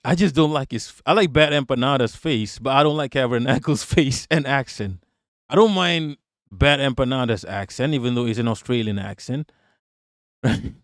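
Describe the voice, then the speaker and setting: A man's voice: medium pitch, moderate pace, no echo, studio quality. A man doing casual live-stream political talk and reading chat. He is blunt and profane, laughs often, and repeats himself.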